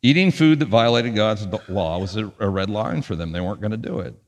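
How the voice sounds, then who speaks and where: A man preaching a sermon as pastor, with punchy emphasis that drops to quiet asides. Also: fairly low pitch, a little fast, long reverb tail. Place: church sanctuary.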